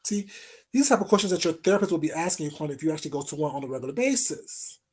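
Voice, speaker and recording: A vlogger in a mid-pitched voice, neither high nor low, running a confrontational call-out rant. The delivery is taunting and sarcastic. Pet names are drawn out, and pointed rhetorical questions come one after another. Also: lively intonation, racing, a little mellow, slightly rough.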